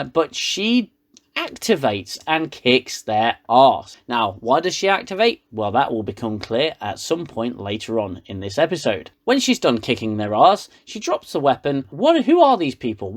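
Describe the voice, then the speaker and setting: A man's voice: medium pitch, big pitch swings, normal speed. A man with a British accent giving a sarcastic, rambling comedic recap of a TV episode. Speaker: reviewer.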